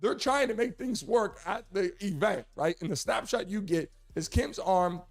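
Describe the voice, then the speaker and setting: A man's voice: high-pitched, normal speed. A man hosting a sports and celebrity talk show, chatting casually and laughing often as he talks a producer through photos.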